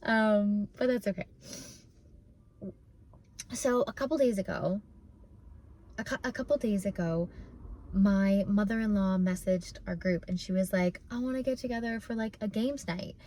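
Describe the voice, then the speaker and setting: A woman's voice: medium pitch, moderate pace, pauses often, darkish tone. Young woman talking tearfully in a parked car. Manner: rambling, full of fillers and restarts. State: close to tears. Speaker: vlogger. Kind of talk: casual emotional vlog.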